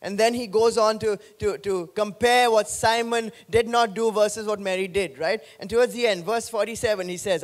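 A man pastor preaching an animated sermon, joking with the congregation. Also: sits high, moderate pace, few pauses.

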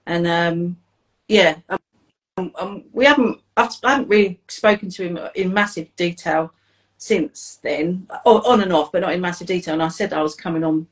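A British woman in her forties hosting an interview, chatty and animated, retelling conversations in a storytelling way. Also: lowish voice, moderate pace. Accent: British English. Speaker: interview host, coach.

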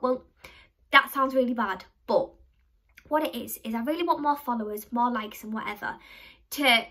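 A young woman chats straight to her camera at home, her voice pitched high and bright. She rambles from story to story and pokes fun at herself as she goes. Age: young adult. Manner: chatty, rambling, self-mocking storyteller. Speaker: vlogger. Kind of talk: casual chat to camera.

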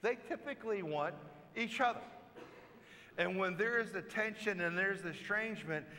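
Bright-voiced priest preaching in a church. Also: male voice, high-pitched, moderate pace. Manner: storytelling, conversational, acts out quoted lines. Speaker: pastor. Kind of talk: sermon. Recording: long church reverb.

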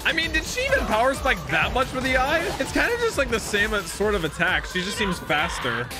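Excitable high-voiced young man reacting. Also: a little fast. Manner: excitable, bursts into loud exclamations; slangy, loose chatter with fillers. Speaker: anime reaction host. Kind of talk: casual reaction commentary. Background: anime soundtrack music playing.

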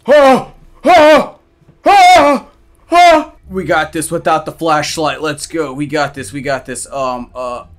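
Jumpy, foul-mouthed young gaming host. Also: male voice, a little high, flat delivery, moderate pace, few pauses. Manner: jumpy, yells and screams when startled, swears freely. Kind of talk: gaming commentary.

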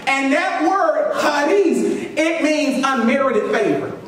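In a church sanctuary, a male pastor preaches call-and-response style, repeating lines for emphasis and inviting the congregation to respond. His very high-pitched voice has lively intonation and a slow pace. The rough recording, made from a distance, has heavy reverb and a crowd audible behind him.

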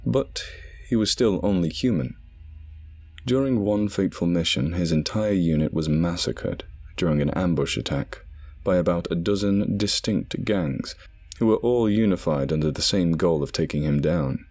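A man narrating a scripted horror story in a measured, dramatic way. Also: low-pitched, darkish tone. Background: background music.

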